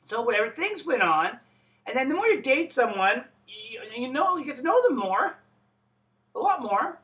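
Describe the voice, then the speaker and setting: Here the storyteller sounds very high-pitched and sing-song, pushed and bright, speaking at normal speed. He rambles profanely through a personal anecdote, interrupting himself and restarting often, on a low-quality recording.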